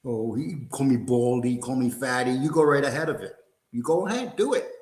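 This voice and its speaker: A man's voice: medium pitch, fairly quick, a little mellow. An older man hosting a livestream, ranting angrily in a profane, combative, mocking way. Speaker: host. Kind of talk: angry livestream rant. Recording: roomy echo.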